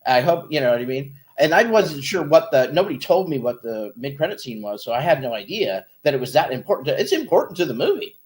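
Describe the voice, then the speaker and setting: A man's voice: medium pitch, sing-song, quick pace, hardly any pauses. A man co-hosting a casual movie review show, talking about his theater experience. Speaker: podcast co-host.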